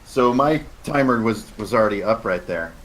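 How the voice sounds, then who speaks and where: A man's voice: on the low side, lively intonation, moderate pace, fairly bright tone, a little hiss or hum, low-quality recording. A young man narrating a tabletop game as game master, describing scenes at length. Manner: descriptive, laughs easily.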